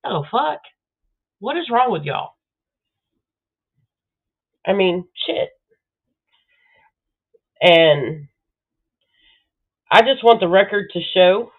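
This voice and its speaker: A woman from Southeast Texas with a Texan accent, ranting bluntly and swearing freely in a casual live stream. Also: medium pitch. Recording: tinny phone-like audio.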